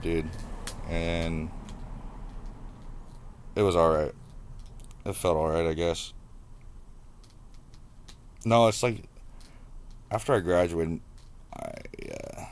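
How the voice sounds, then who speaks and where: A young man talking to the camera about his past, casual and halting, stopping and restarting as he reflects. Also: deep voice, slight background noise. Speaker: vlogger. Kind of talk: personal storytelling to camera.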